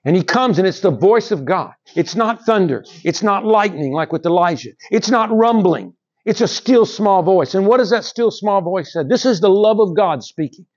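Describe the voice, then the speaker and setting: A middle-aged man preaching a sermon in a church, with animated rises and drops and calls to the congregation. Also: sits high, moderate pace. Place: church sanctuary. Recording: dull lo-fi sound.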